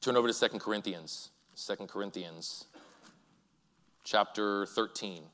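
A man's voice: on the low side, fairly bright tone. Earnest preacher man in a reverberant church. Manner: earnest, halting, with repeated restarts. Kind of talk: sermon. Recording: church hall with long reverb.

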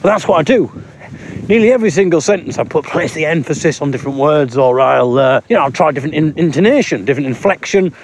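A man's voice: fairly high pitch, expressive, quick pace. Dry, rambling Englishman vlogging outdoors. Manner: dry, rambling, self-mocking humour. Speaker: vlogger and stand-up comedian. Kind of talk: casual spoken blog, walking outdoors. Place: outdoors on an urban street with traffic. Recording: street noise behind a mobile recording.

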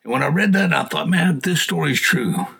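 A man's voice: fairly high pitch, a little fast, gravelly, slightly rough. A middle-aged man earnestly telling a personal testimony in a folksy storyteller's way. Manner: earnest, folksy storyteller, rising to shouted appeals. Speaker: guest telling his testimony.

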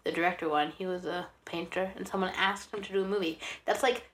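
A woman's voice: on the low side, fairly even intonation, fast talker, slight background noise. A woman co-hosting a film podcast in casual chat, teasing and giving blunt opinions. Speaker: podcast co-host.

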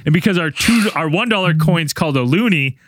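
A man's voice: fairly high pitch, fairly quick, no room sound, studio quality. A Canadian man hosting a podcast, telling stories in a crude, joking way. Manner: crude, joking, animated storyteller. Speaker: podcast host. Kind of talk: casual chat, storytelling.

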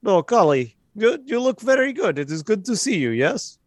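A man's voice: high voice, sing-song, normal speed, no room sound, studio quality, voice pushed up. A man voicing a foreign male character who speaks broken English and insists all is fine. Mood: insistent.

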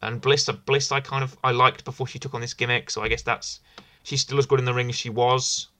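A man's voice: medium pitch, little pitch movement, brisk, bright, forceful tone. A man hosting a casual wrestling review podcast, rambling and enthusiastic, often repeating himself. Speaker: podcast host.

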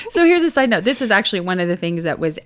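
A woman's voice: mid-range voice, huge pitch swings, brisk. A woman, a podcast co-host chatting casually and telling stories, acting out the people in them. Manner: storytelling, mimics other people in her anecdotes. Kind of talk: casual chat.

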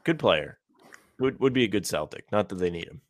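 A man co-hosting a sports podcast, giving steady, measured analysis of a game. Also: sits low, no room sound, clean studio sound. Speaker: podcast co-host.

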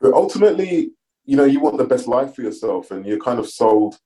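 A middle-aged man, a guest on a podcast, telling his story in a measured, reflective way with frequent pauses. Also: medium pitch, very animated, warm tone, low-quality recording. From London, England. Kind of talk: casual interview conversation.

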